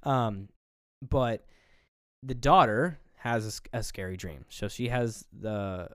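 A man's voice: lowish voice, slow, a bit bright, clear, resonant tone, no echo, clean studio sound. A man co-hosting a casual movie review podcast, retelling scenes with acted-out lines and frequent swearing. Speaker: podcast co-host.

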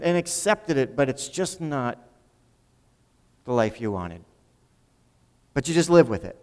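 A man's voice: medium pitch, lively intonation, a little slow, pauses often, a little mellow, big-room sound. A man preaching a sermon in a conversational way, often repeating words as he builds a point. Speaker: pastor.

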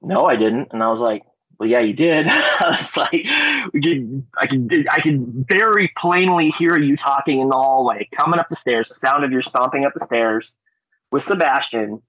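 A man's voice: moderate pace, slightly rough, no echo. Laid-back man from Alaska telling stories. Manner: animated, acts out quotes with loud high-pitched voices; laid-back, frequent fillers and swearing. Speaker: podcast guest. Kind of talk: casual storytelling. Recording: dull lo-fi podcast audio.

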